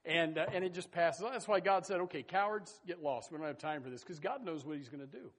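A man preaching a sermon in a folksy, animated way, with sudden loud bursts and asides to the congregation. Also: fairly high pitch, fast. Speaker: pastor.

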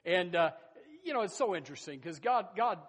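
A man preaching a sermon as pastor, emphatic and folksy, swinging between loud bursts and soft asides and repeating his phrases. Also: high-pitched, expressive, brisk, breathy edge. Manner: folksy, addresses listeners as folks and says amen.

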